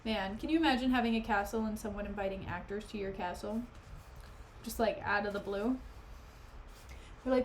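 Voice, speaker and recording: A woman's voice: medium pitch, moderate pace, pauses often, slight background noise. A woman streamer chatting casually and jokingly as she reads a play aloud, often wandering off topic. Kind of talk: casual chat while reading a play aloud.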